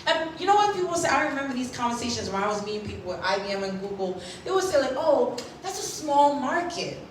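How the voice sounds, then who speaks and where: Speaking in rapid-fire, sing-song fashion, this fairly high-voiced Haitian-born woman in her thirties gives an emphatic motivational keynote, repeatedly checking in with listeners. The clip comes from afar in a large, echoey conference hall, with slight background noise.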